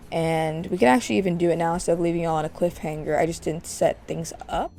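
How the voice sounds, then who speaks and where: A gaming channel host with a low, dark-toned voice runs a casual let's-play, chatting away as she narrates her game.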